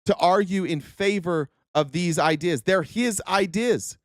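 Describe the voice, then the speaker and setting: A little slow and high, this man's voice comes through clean studio sound with no room tone. He's a US live-stream host in his thirties, ranting about politics in an angry, profane, repetitive way.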